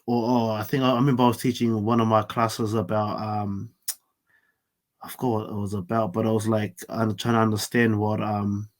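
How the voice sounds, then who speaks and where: A man's voice: on the low side, level tone, fairly quick. A man, a teacher guesting on a podcast, laid-back and joking with many fillers. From Samoan heritage, New Zealand. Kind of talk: casual chat.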